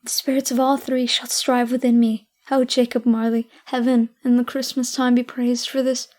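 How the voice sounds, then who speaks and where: A woman's voice: fairly high pitch, level tone, moderate pace, darkish tone, close to an everyday voice. A woman voicing an overjoyed, repentant old miser in an audiobook, talking in fervent, breathless exclamations. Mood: ecstatic. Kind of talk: audiobook character reading.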